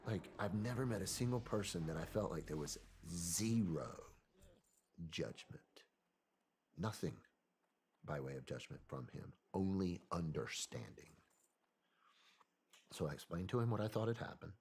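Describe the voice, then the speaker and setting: A man, a podcast guest, telling a personal story in a soft-spoken, hesitant way that often trails off. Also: sits low, lively intonation, measured pace, long pauses, breathy edge.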